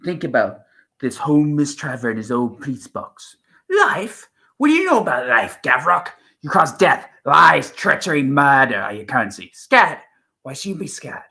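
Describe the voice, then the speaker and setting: A man's voice: mid-range voice, sing-song, moderate pace, creaky, sharp tone, pitched above the performer's own voice, heavily acted. A man doing an impression of an eccentric male time traveler, delivered theatrically and dramatically. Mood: menacing. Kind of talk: impression of an actor's performance.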